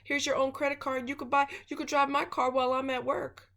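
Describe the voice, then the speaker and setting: A woman's voice: high-pitched, little pitch movement, a little fast, gravelly, a bit bright, voice pushed up. A woman putting on the voice of a smitten woman who eagerly hands over everything to a man, mocking her in a sing-song tone. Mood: mocking gush.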